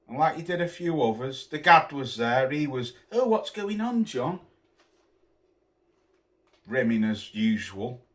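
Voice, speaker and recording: A man tears into someone in a heated vlog rant, scornful, swearing freely and piling on insults. His voice sits at an ordinary middle pitch, and he talks straight to the camera. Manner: scornful, swearing, name-calling. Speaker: boxing commentator vlogger.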